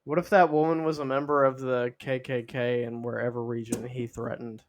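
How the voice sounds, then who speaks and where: A man's voice: medium pitch, flat delivery, normal speed. A young man co-hosting a casual comedy podcast, riffing playfully on the stories with quoted voices. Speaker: podcast co-host.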